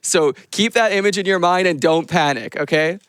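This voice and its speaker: A tabletop player speaking in character, calm and reassuring with a deadpan edge. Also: mid-range voice, normal speed, clean tone, dry recording, studio quality. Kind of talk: live tabletop role-play.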